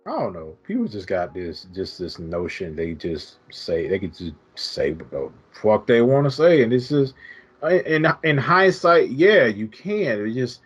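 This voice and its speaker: A man's voice: medium pitch, husky. A man co-hosting a podcast, talking in a laid-back, rambling casual way. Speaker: podcast co-host. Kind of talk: casual chat. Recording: dull lo-fi audio.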